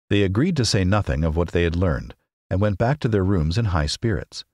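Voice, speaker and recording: A man's voice: low voice, animated, brisk, darkish tone, no echo, studio quality. A man narrating a classic children's book as a podcast, reading expressively and doing character voices. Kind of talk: audiobook narration.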